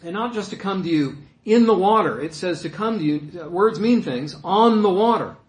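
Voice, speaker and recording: Animated high-voiced male preacher, echoey room. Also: normal speed. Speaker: pastor. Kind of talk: sermon.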